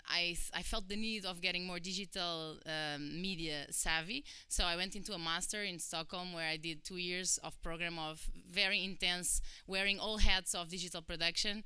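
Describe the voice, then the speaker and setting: A Portuguese-accented woman in her thirties tells her career story to a conference audience, chatty and full of fillers, acting out what others said. Her voice is bright and very clear. The sound is dry and close. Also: lowish voice, no echo. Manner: chatty, animated, acts out quoted voices, many fillers. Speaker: conference speaker. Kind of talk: personal talk to an audience.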